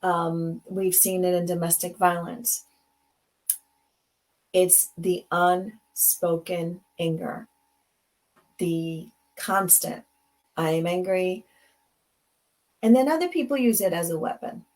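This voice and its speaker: A woman's voice: lowish voice, slow pace, darkish tone. A woman hosting a casual motivational talk, slipping into Spanish phrases and acting out little dialogues. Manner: conversational, mixes in Spanish phrases, acts out dialogue. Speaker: host; advocate.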